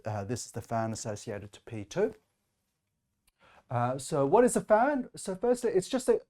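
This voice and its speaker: Male math lecturer, mid-pitched voice, explanatory delivery with frequent fillers. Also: darkish tone.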